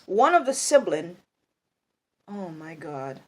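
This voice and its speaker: A woman's voice: on the low side, very animated, takes it slowly, darkish tone. A woman speaking in a blunt, scolding monologue, angry and firing off rhetorical questions. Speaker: video commentator.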